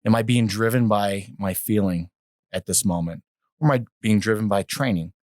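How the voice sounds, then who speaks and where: A man with a lowish voice hosts a podcast, speaking in a measured, teaching tone as he draws on scripture. The recording is dry and close-miked. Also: a little mellow, no echo. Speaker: podcast host. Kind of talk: podcast conversation with scripture references.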